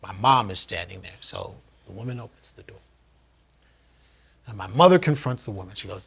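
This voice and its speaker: A man's voice: on the low side, expressive, moderate pace, breathy edge. A man from New Jersey earnestly and candidly telling a personal story in one unedited take, reflective as he looks back.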